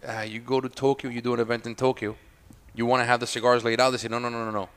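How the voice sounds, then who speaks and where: A man guest on a talk show, telling stories in a casual, animated way and laughing often. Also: mid-range voice, fast talker, clean tone. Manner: animated, laughing, loud when imitating others. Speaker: guest, cigar maker. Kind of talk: casual storytelling chat. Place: indoor studio, on a couch.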